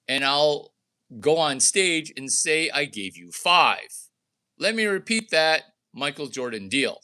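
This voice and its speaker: With big pitch swings at a slow pace, his bright, forceful, smooth voice carries a rambling monologue on money and deals. The brash entrepreneur vlogger provokes freely, hopping between mock voices and his own.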